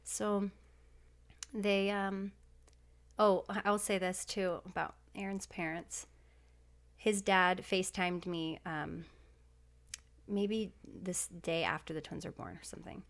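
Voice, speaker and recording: A woman in her thirties with a somewhat low voice, talking as a podcast guest. She tells a personal story in a heartfelt, emotional way, often falling back on casual fillers as she goes. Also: fairly even intonation, takes it slowly.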